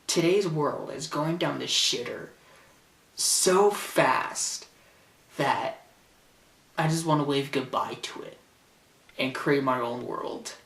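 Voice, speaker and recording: A man's voice: a little high, slow, creaky, pauses often, a bit bright, reverberant, recorded from a distance. A teenage boy ranting sarcastically and indignantly into a camcorder in his bedroom. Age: teens. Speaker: vlogger. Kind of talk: ranting vlog. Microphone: camcorder mic.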